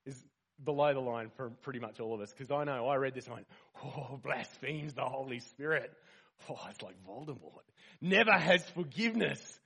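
A man's voice: medium pitch, brisk, creaky, husky. A man giving a conversational sermon, asking the listeners questions and stressing key words. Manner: conversational, rhetorical questions, animated emphasis. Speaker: preacher.

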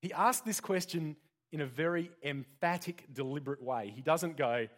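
A man's voice: fairly high pitch, moderate pace. A man preaching an interactive sermon in a church, joking and putting questions to the congregation. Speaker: pastor.

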